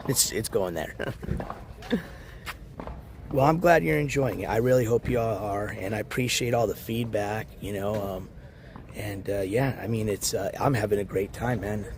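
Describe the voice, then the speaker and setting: A man livestreaming from a beach in the morning, hoarse and losing his voice, rambling as he walks and shouts out viewers in chat. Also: lowish voice, moderate pace, pauses often, a little hiss or hum. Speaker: IRL livestreamer. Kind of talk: casual live-stream chat.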